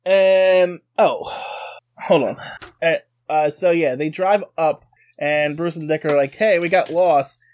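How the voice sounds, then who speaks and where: A man's voice: on the high side, darkish tone. Casual man recapping a comic. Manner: recaps the plot haltingly with restarts. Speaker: podcast co-host. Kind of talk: casual chat.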